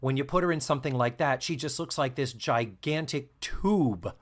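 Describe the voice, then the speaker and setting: A man hosting a podcast, recapping a sitcom episode in casual, animated and profane chat. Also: normal speed. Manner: animated, profane, breaks into squeaky mock voices. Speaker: podcast host.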